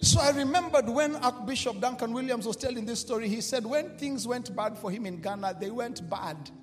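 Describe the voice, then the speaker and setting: A man preaching a sermon, shifting from quiet storytelling to shouted, repeated declarations with call-and-response. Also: very high-pitched, brisk. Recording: reverberant hall with music behind.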